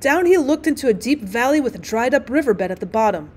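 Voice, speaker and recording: Woman, young adult, teacher reading aloud, expressive audiobook narration, lively pitch. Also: a little fast. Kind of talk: audiobook reading of a classic short story.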